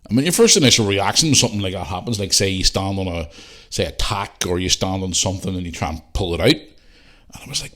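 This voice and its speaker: A man in his forties hosting a podcast, telling a story in a casual, animated way, with lots of swearing, and acting out the voices of the people in it. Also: lowish voice, quick pace. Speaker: podcast host.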